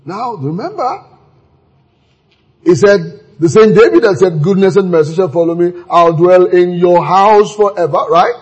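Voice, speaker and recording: A man preaching a sermon, animated and acting out scenes with sudden exclamations, his voice very husky. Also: high voice, measured pace, lo-fi sound.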